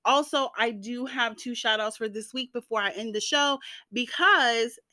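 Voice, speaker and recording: A young woman hosting her own podcast, chatting in an animated, rambling way with playful slang. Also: fairly high pitch, normal speed, no echo. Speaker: podcast host. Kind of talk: casual solo podcast chat.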